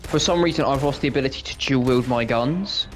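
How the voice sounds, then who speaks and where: A man's voice: mid-range voice, a little fast, slight background noise. A man complaining and flustered during a casual online game chat, on a headset mic. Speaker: gamer in a squad.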